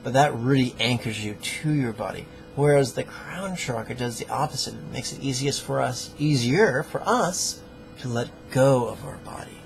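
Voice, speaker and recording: A man's voice: mid-range voice, moderate pace, creaky, soft background music, rough recording. A man teaching a guided meditation lesson in a playful, joking, plainspoken way.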